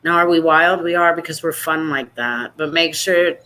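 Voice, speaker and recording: Woman, group host, bright and lively, teasing casual chat. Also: sits low, normal speed, rough recording. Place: online video meeting.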